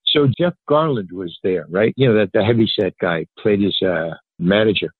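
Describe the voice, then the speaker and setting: An older man, a stand-up comedian, spins anecdotes in a lively, swooping delivery with a husky edge. He slips into other people's voices as he tells them. The sound is dry and thin, like a phone line. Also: fairly low pitch, normal speed, dry recording. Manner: animated, acts out other people's lines in raised voices. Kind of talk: casual anecdotal storytelling in an interview.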